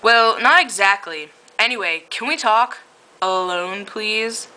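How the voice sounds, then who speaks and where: Cocky flirty werewolf guy, as a woman reads him, snarky, bright, giggly. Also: mid-range voice, takes it slowly, rough recording.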